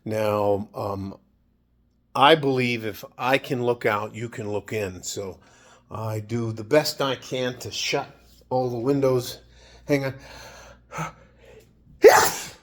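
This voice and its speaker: A middle-aged man, an army veteran, talking casually to camera at home, halting and rambling, foggy from medication, swearing now and then. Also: mid-range voice. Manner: rambling, halting, swears, loses his train of thought. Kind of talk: emotional casual talk to camera. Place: at home indoors.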